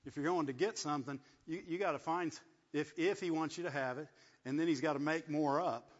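A man's voice: a little high, fairly quick. Preacher man in an echoing hall. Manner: repeats words, asks "right?" often. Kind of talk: sermon. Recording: dull sound, long hall echo.

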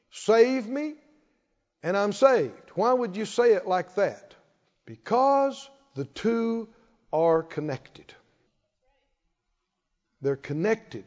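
Male pastor, high voice, slow deliberate delivery, call-and-response preaching, echoing church hall. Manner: call-and-response preaching, rising to emphatic shouts. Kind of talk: sermon. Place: church sanctuary. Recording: reverberant hall, dull lo-fi sound.

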